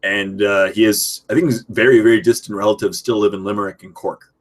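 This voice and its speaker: Young man, from Canada, lowish voice, casual live-stream host, reads chat aloud and answers it, at his home computer. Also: fairly even intonation, a little fast.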